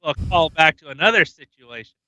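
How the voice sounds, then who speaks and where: A man's voice: on the high side, lively intonation, brisk, bright, forceful tone, dull audio. A man hosting a podcast in casual chat, full of provocative jokes and banter. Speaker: podcast host.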